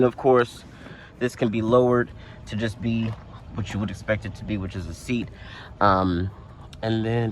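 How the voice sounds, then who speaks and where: A man reviewing a vehicle in a casual walkaround, talking in a relaxed, conversational way with plenty of fillers, recorded outdoors. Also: mid-range voice, a little hiss or hum. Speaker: car reviewer.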